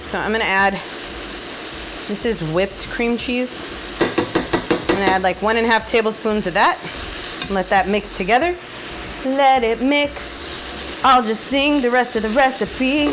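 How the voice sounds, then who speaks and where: In her home kitchen with food sizzling, a woman whose first language is Spanish hosts a casual cooking vlog. Her mid-range voice is chatty and bubbly, full of jokey asides, with background noise in the recording.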